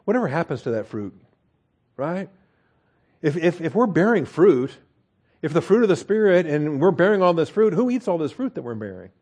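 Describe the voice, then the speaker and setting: This American man teaches a verse-by-verse Bible study casually and conversationally, full of fillers, restarts, and "okay?" checks. His voice is a little high and sing-song, a little mellow, at a moderate pace.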